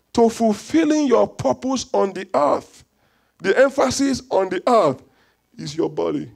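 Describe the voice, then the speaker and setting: A man preaching a fervent sermon in a church service, repeating phrases for the congregation and bursting into shouts. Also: high-pitched, gravelly. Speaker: pastor.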